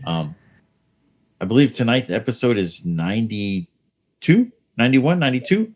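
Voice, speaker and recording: A man's voice: mid-range voice, sing-song, normal speed, a little mellow. A man co-hosting a casual chat show over a remote call, chatty and joking. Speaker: podcast co-host.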